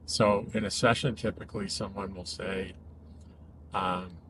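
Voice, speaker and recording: A man who works as a cognitive behavioral therapist, talking casually and explaining ideas in a thoughtful, measured way with emphatic rises. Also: low-pitched, fairly even intonation, noisy background.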